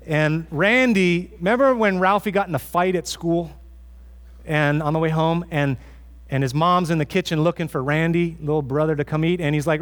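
A man's voice: on the high side, normal speed. A man preaching a sermon as pastor in a church, earnest and conversational, often restarting his phrases.

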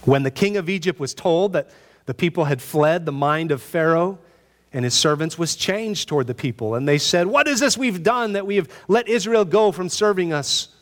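A man preaching a sermon in an animated, conversational way, asking his listeners rhetorical questions. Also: fairly high pitch, normal speed, big-room sound. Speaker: pastor.

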